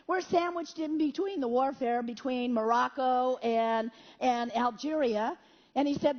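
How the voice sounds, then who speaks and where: A woman preacher with a high voice tells an animated testimony, slipping into buzzing sound effects and quoted prayer. The recording is dull and lo-fi. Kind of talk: storytelling sermon testimony.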